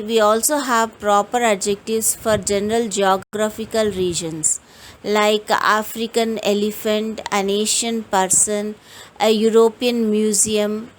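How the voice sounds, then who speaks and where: A woman teaching an English grammar lesson, explaining each rule in a slow, deliberate way and reading out example sentences. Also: mid-range voice, a little hiss or hum, low-quality recording.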